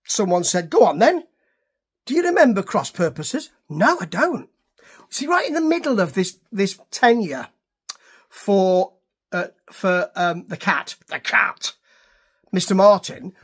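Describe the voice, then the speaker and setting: Husky, rambling music reviewer. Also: male voice, high-pitched. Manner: chatty and digressive, talks to himself. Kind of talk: casual rambling review to camera.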